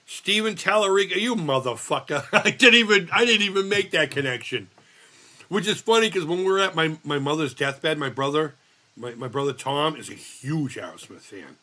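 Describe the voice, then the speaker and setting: Middle-aged man, bright voice, loose and profane, rambling live-chat host. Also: on the high side, expressive, moderate pace. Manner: profane, rambling storyteller reading chat aloud. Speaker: livestream host.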